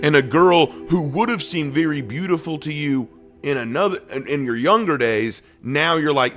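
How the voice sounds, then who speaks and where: A man teaching a Bible study in a sermon style, swinging between emphatic bursts and slow, hushed phrases and acting out the people he quotes. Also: a little high, soft background music. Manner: acts out quoted speech with lively shifts in voice.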